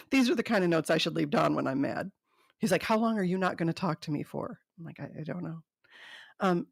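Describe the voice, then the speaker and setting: Female host, amused and chatty, gravelly tone, lively pitch, dry close recording. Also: moderate pace, pauses often, no room sound. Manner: amused, laughing often; dry commentary between readings. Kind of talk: casual reading of funny notes.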